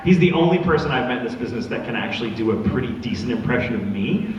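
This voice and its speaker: A man's voice: mid-range voice, fast talker. A man who is a voice actor, joking and swearing freely as he answers fan questions at a convention panel. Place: large convention hall with audience. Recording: echoey hall, distant, dull, crowd noise.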